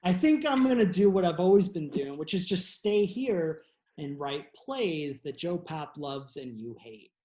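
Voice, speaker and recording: A man's voice: a little high, a little slow. A man doing a cool, defiant dissident playwright. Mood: deadpan. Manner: cool, unbothered, deadpan defiance. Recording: echoey room.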